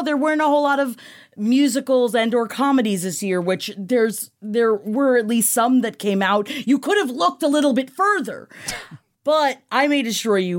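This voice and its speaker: A woman co-hosts a chatty podcast from a remote call. She talks frankly and gets heated, swearing freely. Her voice sits at a medium pitch. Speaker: podcast co-host. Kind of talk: casual chat.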